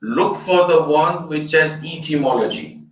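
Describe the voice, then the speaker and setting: A man's voice: on the high side, measured pace. An older man, an Islamic scholar, giving an explanatory fundraiser lecture. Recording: echoey room, distant mic.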